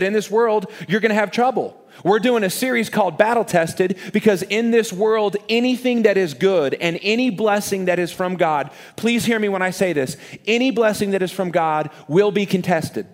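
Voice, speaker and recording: High-voiced animated pastor preaching. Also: male voice, moderate pace. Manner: animated, self-deprecating, repeats words for emphasis. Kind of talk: sermon.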